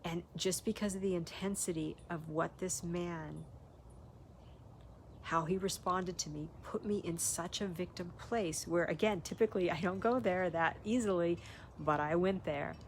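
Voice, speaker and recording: A woman's voice: fairly low pitch, normal speed, a little hiss or hum. Earnest older woman telling a story. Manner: candid, earnest, reflective. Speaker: spiritual teacher. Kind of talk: personal storytelling and reflection.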